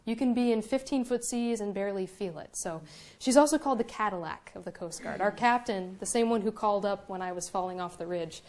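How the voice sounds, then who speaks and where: A young woman, a Coast Guard officer, giving a public lecture in a museum with lively, self-mocking stories. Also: mid-range voice, a little fast.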